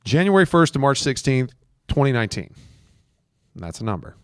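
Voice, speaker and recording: A man's voice: medium pitch, very animated, normal speed, a bit bright, dry recording, clean studio sound. A man hosting a podcast, coaching real estate agents in a casual, emphatic way. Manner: emphatic, coaching listeners directly. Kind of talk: casual advice talk.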